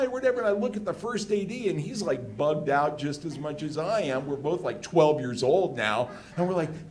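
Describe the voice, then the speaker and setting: A man from Los Angeles telling a comedic story live on stage, animated and excitable, peppering his talk with "like". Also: fairly high pitch, normal speed, few pauses. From Los Angeles, United States. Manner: animated, excitable, heavy use of "like".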